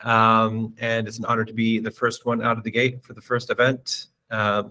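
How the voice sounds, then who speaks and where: A man who works as a motion designer, opening a conference talk in a polite, measured way with some fillers. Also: on the low side, completely flat delivery, sharp tone.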